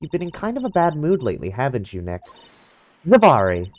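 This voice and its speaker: Brief: woman voicing a playful teen girl, low-pitched but lively delivery. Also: a little fast, full character voice. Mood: teasing. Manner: playful and teasing. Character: cheerful, teasing nineteen-year-old girl. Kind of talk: fan dub of a game.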